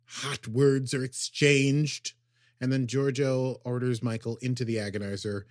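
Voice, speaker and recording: Man, podcast co-host, casual rambling recap, mid-pitched, dry close sound. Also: little pitch movement, a little slow, no echo. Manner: rambling, filler-heavy summarizing with acted quotes.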